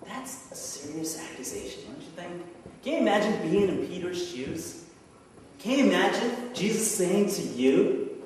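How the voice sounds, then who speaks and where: Male pastor, unhurried sermon delivery, rhetorical questions and casual asides; distant mic with long church reverb. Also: high-pitched, big pitch swings, darkish tone, a little hiss or hum. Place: church sanctuary. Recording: echoey church hall from far off.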